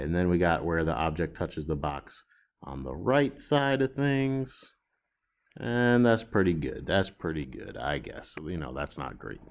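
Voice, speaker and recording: A man teaching a recorded drawing lesson, chatty and self-deprecating, reacting aloud to his own sketches as he works. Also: low-pitched.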